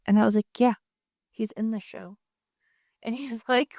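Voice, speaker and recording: A woman in her thirties co-hosting a podcast in casual chat, telling lively stories, playing other people's lines and laughing as she goes. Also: on the high side, moderate pace, dry recording, clean studio sound. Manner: animated storytelling, acting out others with laughs and swearing. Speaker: podcast co-host.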